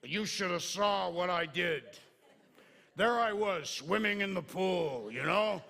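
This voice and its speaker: Man putting on a boastful little male bug, loud excited bragging, comic sermon aside. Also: sits high, slow, creaky, exaggerated voice. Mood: boasting. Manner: excited storytelling, loud and animated. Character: boastful small male bug rescued from a pool.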